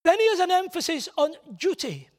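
A man's voice: very high voice, sing-song, a little fast. A middle-aged man preaching a sermon, blunt and emphatic, hammering points home by repeating key words.

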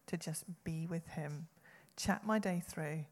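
A woman's voice: sits low, slow pace. Earnest woman in a reverberant church hall. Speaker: church speaker. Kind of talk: personal testimony talk.

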